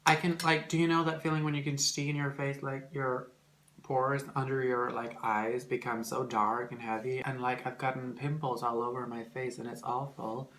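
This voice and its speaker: A young man with a Norwegian accent chatting casually while eating on camera, rambling with lots of fillers and swearing, sometimes jumping into loud, shrill, mocking outbursts. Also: flat delivery, moderate pace. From Norway. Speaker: vlogger.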